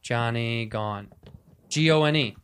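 A man's voice: mid-range voice, slow, fairly bright tone, clean tone. A man hosting a casual podcast, joking around and pushing his guest on. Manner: joking, pushy, prompting. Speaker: podcast host.

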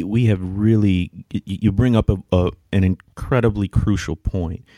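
A man co-hosting a podcast, discussing theology in a measured, articulate and emphatic way. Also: low voice, warm tone, no room sound, studio quality. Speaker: podcast co-host.

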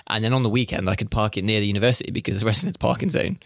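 A man's voice: lowish voice, steady tone, gravelly, a bit bright, no echo, studio quality. A man hosting a newsroom podcast, chatting casually and joking with his colleagues. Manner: quick, joking banter. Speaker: podcast host.

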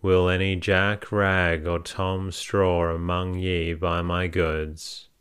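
A man voicing a blunt, bullying drunken hay trusser in a storybook reading, low and unhurried. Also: little pitch movement, fairly bright tone, clean tone. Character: gruff drunken male hay trusser selling his wife.

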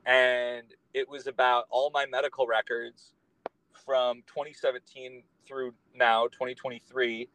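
A man's voice: medium pitch, flat delivery, a little slow, a bit bright, slight background noise, rough recording. A man, a guest on a podcast, talking in a casual conversation and telling his story in an earnest, meandering way.

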